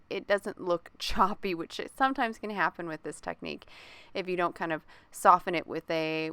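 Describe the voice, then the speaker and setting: Chatty woman with a smooth, dry voice. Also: medium pitch, fairly bright tone, dry recording. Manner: chatty, self-correcting, occasional light laughs. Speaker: crafting tutorial host. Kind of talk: relaxed craft demonstration voice-over.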